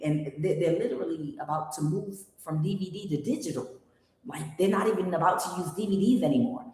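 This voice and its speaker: A woman's voice: lowish voice, brisk, warm tone. A woman giving a casual tarot reading, blunt and rambling, with many fillers and restarts. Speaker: tarot reader. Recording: very echoey room with long reverb.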